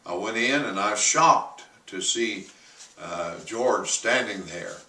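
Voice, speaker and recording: Male pastor, testimony sermon, hesitant delivery, bright tone, echoey room. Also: on the low side, expressive. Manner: halting, full of uh fillers, rising to forceful quoted commands. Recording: roomy, from a distance.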